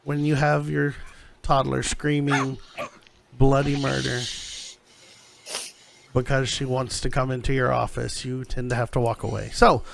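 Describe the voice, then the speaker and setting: Dm guy, slow and gravelly, lots of ums, home office. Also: medium pitch, flat delivery, background noise. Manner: halting, with many fillers. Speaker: game master. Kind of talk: narrating a tabletop game.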